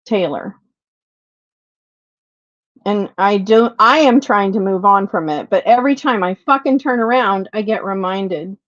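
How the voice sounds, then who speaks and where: In an unscripted livestream rant, this middle-aged host curses loudly in frustration, says sorry, and sinks into quiet muttering before flaring up again. Her pitch is medium, and the sound is dry, dull, and lo-fi with no echo.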